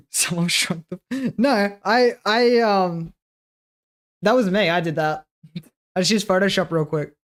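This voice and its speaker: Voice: mid-range voice, slow, pauses often, fairly bright tone. Streamer, casual chat to viewers, loose jokey swearing, mid-range voice, lots of chuckles. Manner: loose and joking, laughs often and swears; talks to self while working, trailing off mid-sentence. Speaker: livestreamer.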